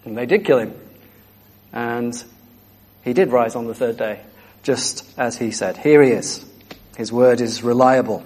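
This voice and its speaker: A man delivers a sermon in an earnest, emphatic way. He drives his points home by repeating short phrases. His voice sits in an ordinary middle pitch. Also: measured pace, pauses often, a little mellow. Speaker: preacher.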